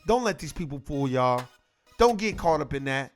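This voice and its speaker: A man with a high voice holds forth on camera as an online commentator, emphatic and profane. He hammers his points through repetition in a casual, unscripted rant, with soft music underneath. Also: animated, moderate pace.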